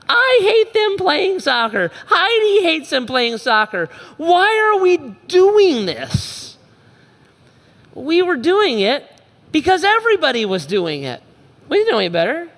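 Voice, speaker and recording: A middle-aged man preaching a sermon as a pastor, telling family stories and acting out the voices of his kids, swinging from shouting down to soft and low. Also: sing-song, unhurried, big-room sound.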